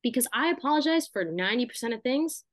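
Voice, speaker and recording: A woman's voice: fairly high pitch, expressive, fast talker, dry recording. A young woman co-hosting a podcast, talking casually with lots of fillers and asides. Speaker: podcast co-host. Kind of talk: casual chat.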